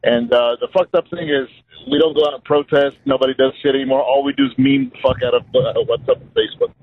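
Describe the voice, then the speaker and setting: A man's voice: medium pitch, expressive, fast talker. A man calling into a radio show, crude and rambling with many fillers. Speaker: caller. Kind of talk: casual phone-in talk. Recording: dull phone line.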